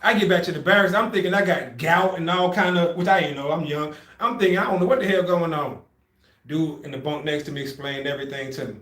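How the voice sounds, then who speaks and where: A young man with a lively storytelling manner, chatting on a podcast. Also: on the high side, quick pace, roomy sound. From Brooklyn, New York. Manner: animated storyteller acting out quotes. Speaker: podcast co-host. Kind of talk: casual storytelling chat.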